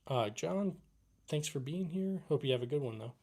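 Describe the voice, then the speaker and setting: A man's voice: a little high, lively intonation, normal speed, mellow. A young man hosting a casual live Q&A stream, rambling and reading chat aloud with lots of fillers. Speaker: livestream host.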